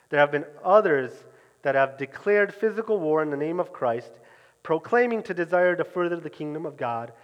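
A man preaching in an earnest, emphatic way, his voice sitting a little high for a man. His phrase endings sink to near quiet. A long reverb from the church hall trails each line. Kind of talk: sermon.

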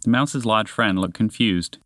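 A man voicing a small, kind male mouse who gently encourages his friend, for a spoken storybook. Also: lowish voice, measured pace, dry recording, clean studio sound. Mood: encouraging.

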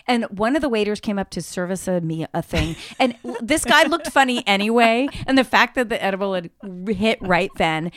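A middle-aged woman telling stories in casual chat, animated, swearing and laughing as she goes. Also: mid-range voice, dry recording, studio quality. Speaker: storyteller.

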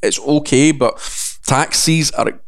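A Scottish games journalist chats casually, telling stories in a somewhat high voice at a slow pace. He's an animated storyteller who acts out other people's voices when quoting them.

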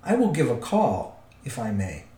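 A man's voice: mid-range voice, huge pitch swings, normal speed, mellow. A man voicing a polite, crafty old male wizard, coaxing and careful, in a roomy recording. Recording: roomy echo.

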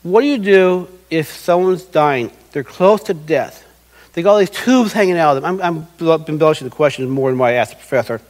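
A middle-aged male pastor delivers an earnest sermon in a high, light voice. He slips into little quoted voices to act out what people say, then comes back to plain teaching. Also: expressive, a little fast, low-quality recording.

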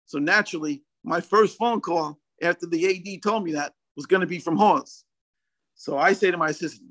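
A man's voice: on the high side, fairly quick. A man, a basketball coach, telling a story in casual chat, laughing often and acting out what others said.

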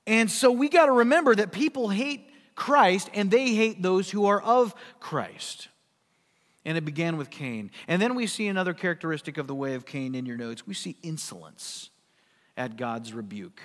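A man's voice: high-pitched, expressive, moderate pace, long reverb tail. A man preaching a sermon, emphatic and full of rhetorical questions. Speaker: pastor.

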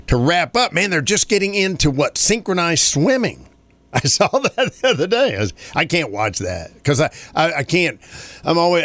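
A man's voice: on the high side, fairly bright tone. A man from North Carolina hosting a morning radio show, chatting casually in a rambling way and laughing often.

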